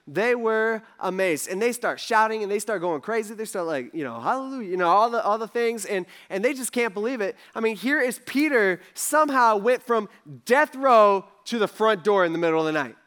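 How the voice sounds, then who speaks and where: Chatty high-voiced young man preaching. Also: animated, moderate pace, a bit bright, clear, resonant tone. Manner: chatty, acts out characters in quotes, lots of fillers. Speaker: pastor. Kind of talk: casual sermon storytelling.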